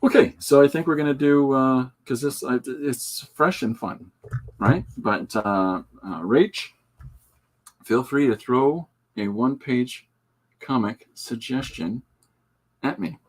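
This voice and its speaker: He hosts his own show as a comic artist, showing his pages in a casual, rambling chat with jokes, fillers and asides. His voice is mid-range and his pace slow.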